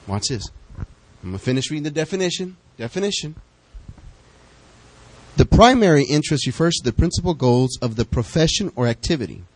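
A man preaching a sermon, talking straight to his congregation and bouncing between calm teaching and excited bursts. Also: fairly quick, rough recording. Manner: lively, talks to the congregation directly; pitch jumps up high when excited.

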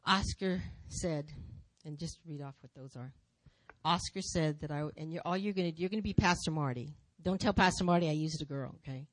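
A woman speaking in church, telling her testimony as a lively story with repeated phrases. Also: low-pitched, brisk, no echo. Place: church sanctuary.

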